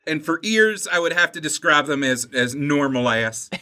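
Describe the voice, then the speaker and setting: A man's voice: on the high side, expressive, bright, forceful tone. A man voicing a forgetful old man who is also a baby, with a put-on Southern accent and a dotty, drawling way of recalling things. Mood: fond recalling. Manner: slow, dotty, drawling recollection. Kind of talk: improvised role-play.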